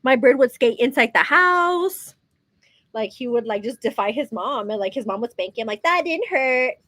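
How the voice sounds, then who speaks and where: Chatty El woman, bright high voice. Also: normal speed, dry recording. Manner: chatty, mixes Spanish words into English, swears playfully, laughs often. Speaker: beauty vlogger. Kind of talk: chatty get-ready-with-me talk.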